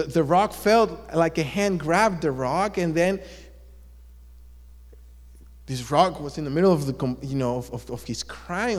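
A man telling a story to listeners in an animated, drawn-out way, asking them questions as he goes. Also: fairly high pitch. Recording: long echo of a large hall.

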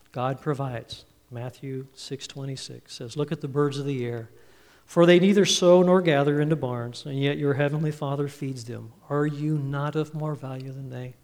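Man preaching in a reverberant church. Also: a little high. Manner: earnest, storytelling, trails off softly at phrase ends. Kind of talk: Father's Day sermon. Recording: reverberant hall, speaker a bit off-mic.

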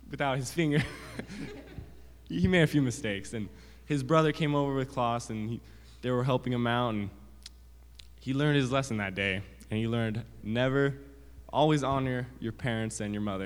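A man's voice: medium pitch, clear, resonant tone. Man telling kids a story in a reverberant hall. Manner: rambling, with frequent restarts and quoted dialogue. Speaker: children's sermon speaker. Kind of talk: casual storytelling to children.

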